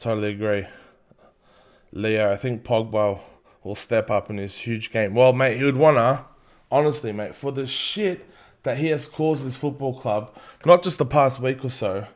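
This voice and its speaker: A man's voice: mid-range voice, normal speed. A young man hosting a football watchalong, chatting casually and passionately with frequent swearing. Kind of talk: casual live match commentary.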